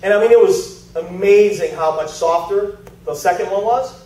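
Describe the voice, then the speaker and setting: High-voiced man pitching in an echoey room. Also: normal speed, mellow. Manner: chatty storyteller, asks audience questions. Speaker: sales presenter. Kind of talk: live sales presentation to a group. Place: meeting room with an audience. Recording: echoey room, heard from far off.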